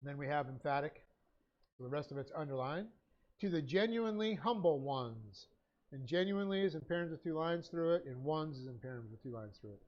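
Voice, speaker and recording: A man teaching a Bible study class and dictating his notes, talking haltingly with many fillers and self-corrections. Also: on the high side, highs cut off.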